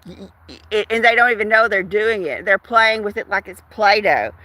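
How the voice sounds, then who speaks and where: A woman's voice: medium pitch, moderate pace, sharp tone, dry recording. A woman host on a livestream, ranting in an indignant, emphatic, casual way. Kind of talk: casual ranting live chat.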